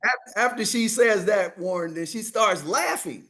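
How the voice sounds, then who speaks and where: High-voiced man telling a lively story. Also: a little slow. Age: 50s. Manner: animated, acts out the dialogue, keeps repeating "I said". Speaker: guest, money coach. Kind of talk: storytelling in a podcast interview.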